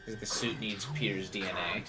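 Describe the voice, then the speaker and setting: A man narrates his gameplay in a loose, chatty way, picking apart the plot with sarcastic questions. Loud game music plays underneath him the whole time. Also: lowish voice, steady tone, fairly quick. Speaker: gameplay commentator. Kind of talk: casual let's-play commentary.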